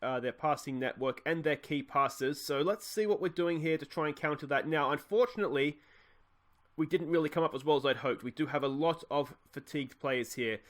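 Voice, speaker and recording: A man casually commentating his football management game, cheering goals loudly and thinking aloud about tactics. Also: a little high, fairly quick. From Australia. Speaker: gaming YouTuber playing a football management game.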